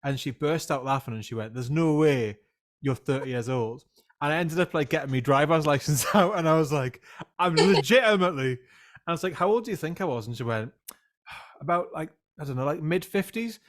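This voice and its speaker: Podcast host, thirties, mid-pitched, chatty and self-deprecating. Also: male voice, fairly quick. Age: 30s. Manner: self-mocking anecdotes, laughs often. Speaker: podcast host and music teacher. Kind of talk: casual chat.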